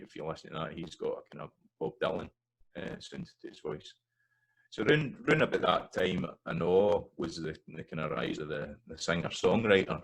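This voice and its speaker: Gravelly low-voiced Scottish man. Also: rough recording. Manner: casual, rambling with many fillers and restarts. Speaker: language teacher. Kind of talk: spoken lecture.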